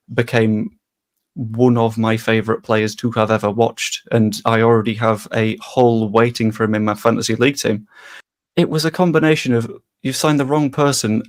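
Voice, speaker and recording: A man, co-hosting a casual football podcast in a rambling, chatty way that often doubles back on itself. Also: mid-range voice. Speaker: podcast co-host.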